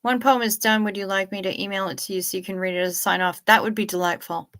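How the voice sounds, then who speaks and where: A woman's voice: medium pitch, fairly even intonation, fast talker, a bit bright. A woman in young adulthood hosting a casual late-night livestream, chatting, reading out viewer comments and swearing freely. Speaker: livestream host.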